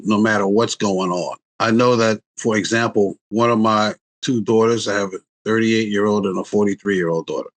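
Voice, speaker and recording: A man in his sixties, a relationship coach, telling family stories in a casual interview and acting out quotes with a raised voice. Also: fairly low pitch. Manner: animated, acts out quotes in a raised voice.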